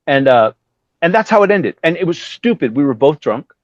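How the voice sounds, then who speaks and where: A middle-aged man spins a rambling anecdote in a relaxed interview, jumping up into the voices of the people in his story and swearing freely. The sound is dry and a little dull. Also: a little high, normal speed, dry recording. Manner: rambling anecdote with acted-out quotes and profanity. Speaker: guest musician.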